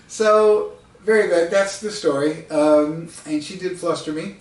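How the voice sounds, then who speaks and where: Casual storyteller: chatty American man, slightly high voice, sounds distant in an echoey room. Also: fairly even intonation, unhurried. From United States. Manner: chatty, laughing often, with fillers and asides. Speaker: storyteller and author. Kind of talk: casual spoken anecdote.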